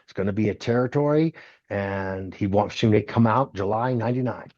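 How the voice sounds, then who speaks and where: A man's voice: lowish voice, fairly quick, dry recording. A man in his sixties, a former wrestler, telling stories in an interview and acting out other people's lines. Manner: animated storyteller who acts out others' lines. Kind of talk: storytelling interview. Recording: dull, dry, lo-fi sound.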